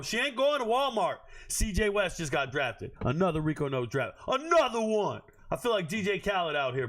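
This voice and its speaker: Brash high-voiced man ranting on stream. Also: a bit bright. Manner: brash, profane, confrontational. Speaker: live stream host. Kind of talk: ranting live-stream commentary.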